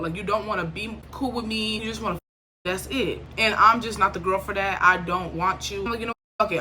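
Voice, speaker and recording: A young woman from Liberia telling a storytime vlog in a casual, animated way, acting out quoted lines and swinging between irritation and laughter. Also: a little high, slight background noise. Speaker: vlogger.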